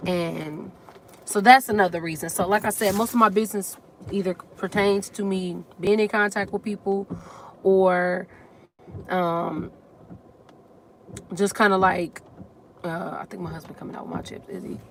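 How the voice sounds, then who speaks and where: A woman talks into a handheld phone from a parked car on a casual live stream, holding back tears. Her voice sits at a middle pitch, subdued and emotional as she tries to lift herself up. A faint hum of noise runs underneath. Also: steady tone, normal speed, long pauses. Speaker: vlogger hosting a live stream.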